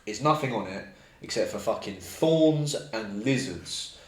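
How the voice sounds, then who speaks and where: A young man, a podcast host telling a story casually, animated and full of swearing and slang. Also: lowish voice, unhurried. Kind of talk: casual chat. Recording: roomy echo, faint background noise.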